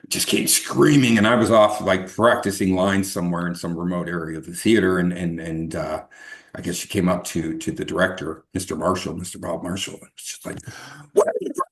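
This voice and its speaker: A middle-aged man telling his own life story as an interview guest, rambling with many restarts and fillers. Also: deep voice. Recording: echoey room.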